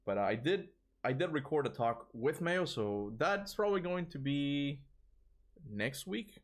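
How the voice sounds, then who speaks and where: A young gaming streamer from Toronto chats casually on a livestream, his voice a little high, very animated and unhurried. Worn out, he rambles and restarts his words, with frequent chuckles.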